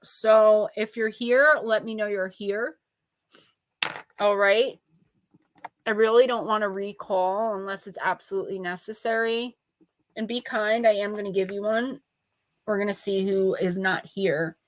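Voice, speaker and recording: A woman's voice: medium pitch, steady tone, unhurried, no echo. A woman giving blunt, playful oracle card readings to viewers on a live stream, reading their names out in lists. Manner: blunt, playful, lightly profane.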